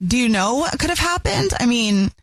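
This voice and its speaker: A woman co-hosting a radio show, playful and expressive, quick to laugh. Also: a little high. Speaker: radio co-host.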